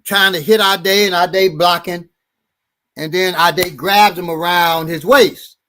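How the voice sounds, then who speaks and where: Bright high-voiced blunt man. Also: slow. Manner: blunt, profane, animated storyteller. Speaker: podcast host and martial arts instructor. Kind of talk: casual storytelling chat.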